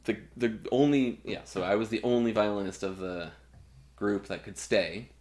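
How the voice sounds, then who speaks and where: Lower-voiced man telling a story. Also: normal speed. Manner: animated, profane anecdote telling with filler words. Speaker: guest musician. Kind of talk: casual storytelling chat.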